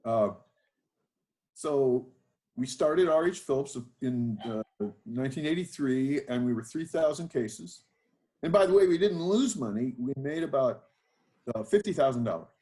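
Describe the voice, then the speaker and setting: A man's voice: medium pitch, expressive, unhurried, dark tone. An older man, a winemaker being interviewed, telling his life story in a rambling, self-deprecating way with many fillers and restarts. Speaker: guest, winemaker.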